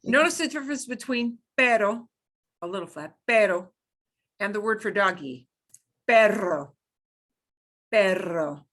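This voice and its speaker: Woman language teacher, bright tone, patient repeat-after-me drills. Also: a little high, big pitch swings. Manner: demonstrates sounds by slow repetition, playful. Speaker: Spanish teacher. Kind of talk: beginner language lesson.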